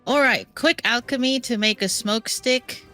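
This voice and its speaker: A woman's voice: fairly high pitch, a little slow, bright, forceful tone, faint music behind. A woman playing in a tabletop game, thinking aloud and second-guessing her moves. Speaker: player.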